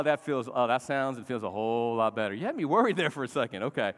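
A man's voice: mid-range voice, expressive, fast, hardly any pauses, a faint crowd, a little hiss or hum. A middle-aged man preaching a sermon in a church, exhorting his congregation and calling for responses. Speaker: pastor. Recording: long reverb of a church hall.

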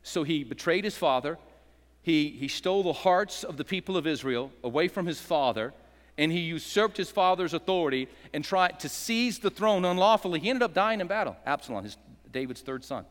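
A fairly bright, expressive male voice on the high side moves a little fast through a dramatic church sermon. The pastor leads call-and-response, drops in joking asides, and stirs up the crowd, all in echoey hall reverb.

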